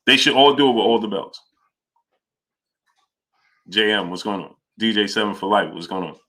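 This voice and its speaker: Bright-voiced New livestream host. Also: male voice, lowish voice, brisk, pauses often. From New York. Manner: greets viewers by name, reads super chats aloud. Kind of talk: casual livestream chat.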